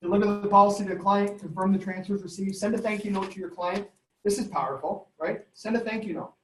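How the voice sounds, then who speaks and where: Energetic man in an echoey room. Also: high voice, quick pace, slight background noise. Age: 30s. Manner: energetic, conversational, storytelling with laughs. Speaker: company CEO leading a sales training. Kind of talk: sales training talk.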